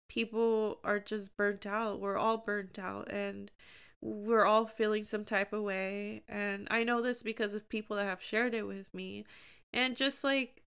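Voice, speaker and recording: Woman, podcast host, casual chat, chatty, encouraging, clear resonant voice. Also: mid-range voice, fairly bright tone. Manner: candid, chatty, encouraging, many fillers. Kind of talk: casual solo podcast talk.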